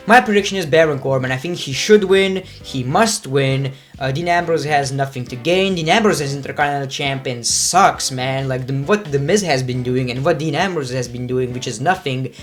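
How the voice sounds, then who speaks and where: Casual male vlogger, mid-pitch, rambling and profane, faint music underneath. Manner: profane, rambling, self-interrupting. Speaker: wrestling predictions vlogger.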